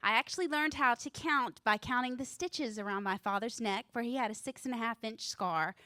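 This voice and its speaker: Bright-voiced nervous woman doing stand-up. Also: a little high, brisk, no room sound. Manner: nervous, self-deprecating, laughs at her own jokes. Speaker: student stand-up comic. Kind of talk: stand-up comedy set. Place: comedy club stage.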